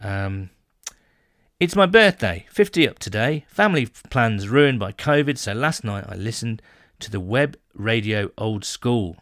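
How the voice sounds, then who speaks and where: Reading out listener messages on his casual podcast, a man from the United Kingdom reacts to each with jokes in a chatty manner. He speaks a little slowly in a lowish, fairly bright voice with lively intonation, and the clean studio recording is dry.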